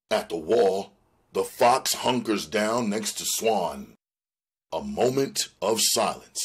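A man reading a screenplay aloud in a measured, descriptive way. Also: low-pitched, animated, a bit bright, slightly rough. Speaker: reader.

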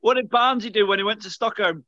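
A man's voice: sits high, quick pace, pushed and bright, no room sound. A man in a casual chat, chipping in with questions and prompts. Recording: dry dull lo-fi audio.

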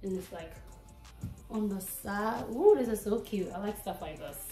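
A woman's voice: mid-range voice, lively intonation, moderate pace, dark tone. Woman vlogger, chatty try-on haul, a bit breathless, far from the mic, roomy echo, faint music behind. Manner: chatty and playful, hyping herself up. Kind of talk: casual try-on haul chat.

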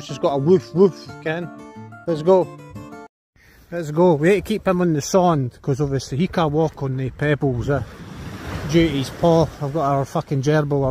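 A Scottish man with a fairly high, slightly mellow voice films himself walking his dog on a beach. He chats casually outdoors and swears as he goes.

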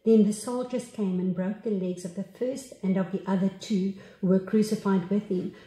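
A woman's voice: medium pitch, fairly even intonation, mellow. Reverent woman pastor in an echoey room. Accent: South African. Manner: unhurried, reverent reading with pauses and restarts. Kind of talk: sermon reading scripture.

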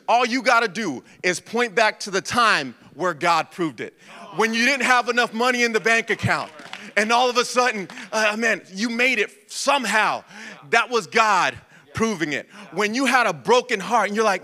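A man in his thirties preaching a passionate sermon, shifting between urgent preaching and quiet storytelling. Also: sits high, moderate pace. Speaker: pastor. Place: church hall. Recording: long church reverb.

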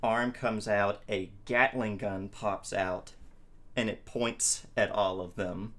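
A man playing a tabletop game, describing his character's actions in a deliberate, matter-of-fact way. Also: on the low side, steady tone, fairly bright tone. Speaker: player.

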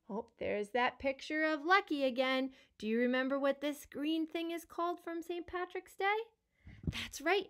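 Reading a picture book aloud to kids, a young speech-language pathologist poses questions and warmly praises the replies, keeping her pace slow and encouraging. She has a high, slightly bright voice.

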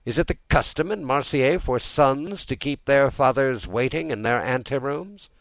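A man's voice: mid-range voice, moderate pace, no echo, pitched above the performer's own voice, lightly acted. A male audiobook reader voicing an older, self-assured father who teases his son in a wry manner.

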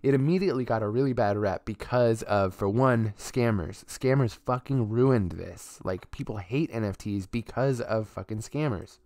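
Low-voiced casual male streamer. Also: moderate pace, few pauses, warm tone, no echo. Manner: rambling, with many fillers and restarts; offhand swearing. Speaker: streamer and artist. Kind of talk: casual live-stream chat.

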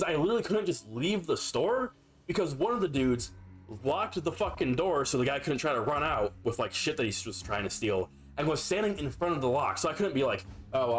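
A young man streaming a game, telling a story in a rambling, profane, filler-heavy casual way. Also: mid-range voice. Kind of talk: casual storytelling while gaming.

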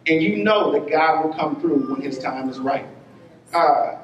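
A man preaching a sermon as pastor, telling a story with quick bursts and drawn-out words. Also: a little high, dull audio, a little hiss or hum. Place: church sanctuary. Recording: roomy church hall, voice from a distance.

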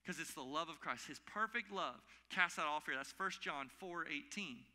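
A man in his thirties preaching a sermon as pastor, animated and conversational, swinging between loud emphatic peaks and quiet asides. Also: on the high side, moderate pace. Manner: conversational, confessional storytelling. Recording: long hall reverb.

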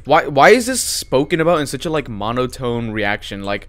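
A man's voice: mid-range voice, very animated, moderate pace, hardly any pauses. A man doing let's play commentary on a horror game, jumpy and easily spooked, swearing as he goes. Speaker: gaming YouTuber.

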